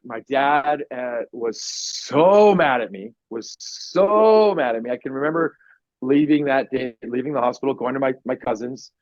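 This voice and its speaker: A man with a medium-pitched, darkish voice appears as a podcast guest, telling his story bluntly and profanely in a casual way with easy laughs. The podcast audio is dry and slightly muffled.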